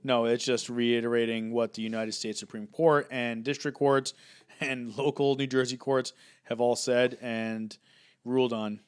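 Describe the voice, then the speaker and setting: A man's voice: medium pitch, steady tone, a little slow, smooth. A man co-hosting a livestream, chiming in with brief, matter-of-fact remarks and reading questions from viewers. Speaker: livestream co-host. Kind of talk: casual livestream chat.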